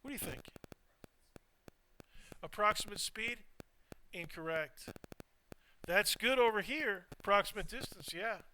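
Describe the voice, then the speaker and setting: A man's voice: high voice, lively intonation, measured pace, long pauses, bright, forceful tone, a little hiss or hum, rough recording. A man lecturing a physics class, walking students through a drawing step by step and quizzing them. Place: lecture hall.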